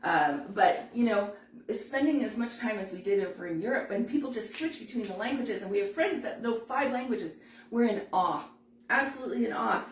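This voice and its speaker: A woman giving a live balloon-making tutorial, chatty and quick to laugh as she works. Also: on the high side, expressive, roomy sound, distant mic, slight background noise. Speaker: balloon instructor.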